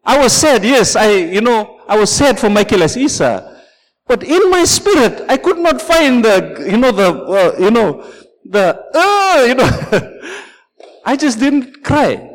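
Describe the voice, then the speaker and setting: A man's voice: very high-pitched, sing-song, a little slow, big-room sound, rough recording. A man preaching a sermon as pastor, telling a story and calling out "Amen" and "Praise the Lord" to his congregation.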